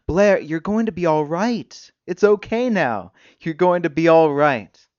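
A man's voice: a little high, lively intonation, unhurried. A man reading the lines of an anxious young man at a bedside, eager and pleading, on a dull, dry recording.

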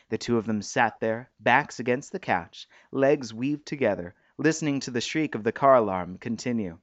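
Man, storybook narrator, steady reading, mid pitch, muffled lo-fi sound. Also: normal speed, hardly any pauses, no room sound.

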